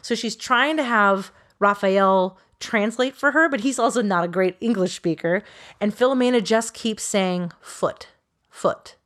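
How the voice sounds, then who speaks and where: A woman's voice: mid-range voice, moderate pace. Chatty woman retelling a true crime story. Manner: chatty, animated retelling with quoted voices and self-corrections. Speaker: podcast co-host telling a true crime case. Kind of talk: casual storytelling chat.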